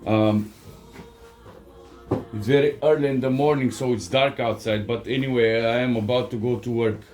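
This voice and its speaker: A man from Bulgaria with a Bulgarian accent, chatting casually in a home workshop as a vlogger, rambling and halting with many fillers and small chuckles. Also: mid-range voice, fairly even intonation, a little mellow. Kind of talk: casual vlog chat.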